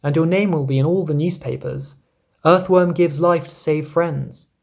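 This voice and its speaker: Miss Spider, a proud lady spider in a storybook who boasts about her skills, as a man puts her on. Her voice lifts high and loud, with a gravelly edge. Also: moderate pace.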